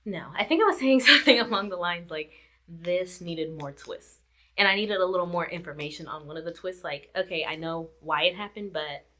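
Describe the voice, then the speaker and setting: A woman's voice: mid-range voice, sharp tone. A woman reviewing a book in a casual vlog chat, repeating herself and laughing often. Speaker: book vlogger.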